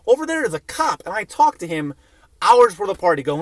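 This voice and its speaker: A young man with a fairly high voice tells a rambling comic story, his pitch bouncing all over as he swears and mocks himself. The sound is dry and close, with no room around it. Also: quick pace, no echo. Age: young adult. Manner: profane, self-mocking, animated. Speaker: vlogger telling a personal story.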